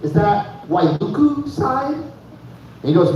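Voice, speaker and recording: Performing live in an echoey room, this Fargo, North Dakota comic has a high, slightly mellow voice with lively intonation at a normal speed. He's loose, drops "dude" nonstop, and cracks himself up. The recording is dull, picked up from a far-off mic, with a little hiss or hum.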